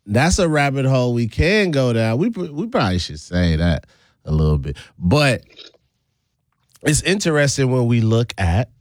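A man co-hosting a casual chat, musing slowly and laughing often. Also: medium pitch, very animated, dry recording, studio quality. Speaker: co-host reading the chat.

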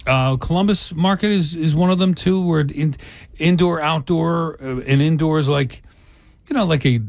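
A man's voice: fairly high pitch, moderate pace, vocal fry, no echo. An older man co-hosting a radio talk show, chatting casually in a rambling way with many restarts and asides. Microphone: studio microphone.

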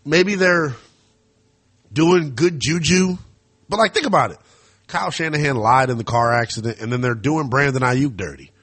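A man hosting sports talk radio, animated and teasing callers, with a slightly husky voice. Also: medium pitch, normal speed. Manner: animated, teasing, bursts of laughter.

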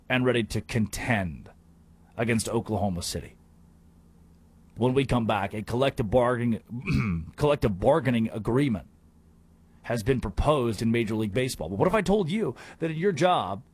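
A man hosting a sports radio show, talking in an animated, jokey monologue. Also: mid-range voice, husky. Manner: animated, jokey, breaks into put-on voices.

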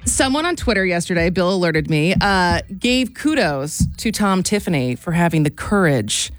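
A woman's voice: on the low side, very animated, moderate pace, dry recording, soft background music. A woman co-hosting talk radio, opinionated and blunt in casual chat.

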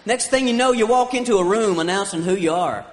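High-pitched guy doing stand-up, stories about his mama, echoey hall. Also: a little fast, background noise. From American South. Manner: storytelling with punchlines, quoting his mother. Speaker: stand-up comedian. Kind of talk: stand-up comedy routine. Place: large hall with audience.

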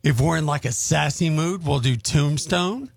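A man co-hosting a casual chat, talking in a laid-back, chatty way with a gravelly voice. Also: fairly high pitch, moderate pace, no echo, studio quality.

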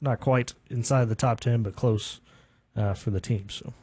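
A man co-hosting a local radio show, reading sports and community news in a relaxed way with fillers. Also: mid-range voice, normal speed, slightly rough, dry recording. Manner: relaxed, reads items with fillers. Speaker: radio co-host.

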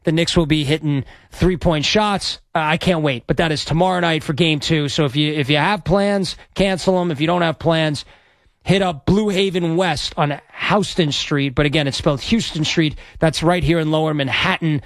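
A man's voice: a little high, fairly even intonation, normal speed, dry recording, clean studio sound. A man hosting sports talk radio, brash and rambling as he plugs an event and takes calls. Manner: brash, rambling, self-promoting. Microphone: studio microphone.

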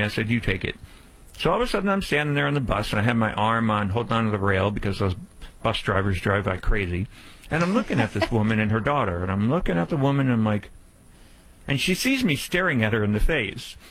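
Radio host guy telling a story, rambly, lots of ums, average pitch. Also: a bit bright, rough recording. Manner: rambling anecdote with many fillers and restarts; upbeat plug with slow repeated phone number. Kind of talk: casual storytelling on a call-in radio show.

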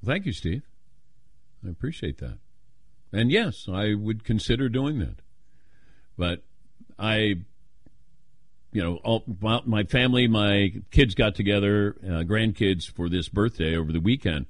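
A man's voice: on the low side, unhurried, pauses often, dry recording, clean studio sound. An older man hosting a talk radio show, chatting casually and telling stories with playful quoted voices. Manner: animated storytelling, playful voices when quoting.

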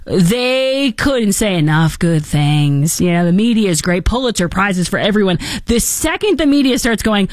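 A woman's voice: mid-range voice, a little mellow, dry recording. A woman hosting a political talk show, giving opinionated commentary with sarcastic, mocking asides.

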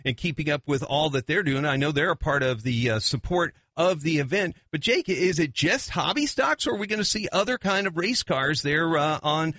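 A man's voice: a little high, animated, normal speed, hardly any pauses, sharp tone, no room sound, dull audio. A man hosting a racing radio show, upbeat and promotional, repeating event details.

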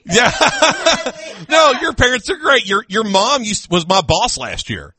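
A man's voice: high voice, slow. A man hosting a casual sports radio talk show in a studio, ranting with mock indignation. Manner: excitable, mock-indignant rants. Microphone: studio microphone with headphones.

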